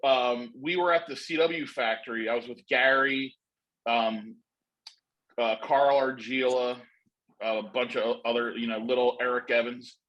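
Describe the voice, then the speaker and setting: A man's voice: medium pitch, steady tone, measured pace, fairly bright tone, lo-fi sound. A middle-aged man telling a long story in casual chat, rambling and profane with lots of fillers.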